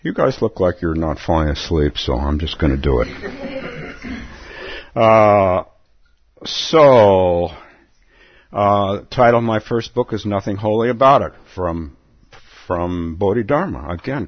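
A man giving a relaxed dharma talk as a Zen teacher, chuckling often and repeating words as he goes. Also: fairly low pitch, measured pace, dry recording. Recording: dull lo-fi dry recording.

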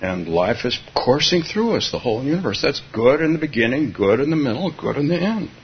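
A man's voice: medium pitch, very animated, a little fast, slight background noise. A man from California giving a Zen dharma talk, musing aloud with frequent chuckles and restarts. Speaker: Zen teacher. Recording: dull lo-fi recording.

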